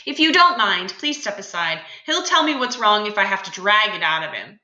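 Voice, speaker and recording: A woman's voice: medium pitch, animated, normal speed, pushed and bright, lo-fi sound. A woman reading aloud as a worried noble father, earnest about his troubled son. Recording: roomy echo.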